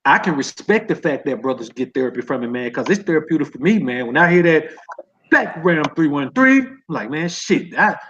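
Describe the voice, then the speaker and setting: A man's voice: a little high, very animated, fairly quick, a bit bright, dull audio, a little hiss or hum. A man chatting as a guest, laid-back, ending nearly every phrase with "man". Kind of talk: casual chat.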